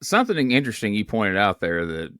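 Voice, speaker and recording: A podcast host, chatting casually and telling stories with laughs. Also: male voice, fairly low pitch, wildly swooping pitch, quick pace, fairly bright tone, no room sound, studio quality. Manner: storytelling, laughs, swears casually. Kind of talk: casual chat.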